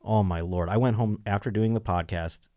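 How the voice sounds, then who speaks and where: A man's voice: fairly low pitch, normal speed, dry recording, clean studio sound. A man hosting a podcast, telling a comic story in casual chat and acting out the people in it. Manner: animated storyteller, acts out other people's voices. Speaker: podcast host.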